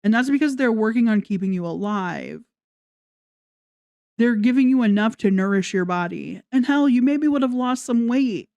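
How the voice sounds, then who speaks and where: A woman's voice: a little high, lively intonation, normal speed, vocal fry, dark tone, no room sound, lo-fi sound. Sarcastic, foul-mouthed woman commentator. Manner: sarcastic, mocking, heavy swearing. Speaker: commentary vlogger. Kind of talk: casual commentary rant.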